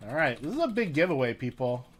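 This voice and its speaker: A man's voice: on the high side, sing-song, fast, a little hiss or hum. A man hosting a casual card-break livestream, chatting with viewers and reading their names aloud.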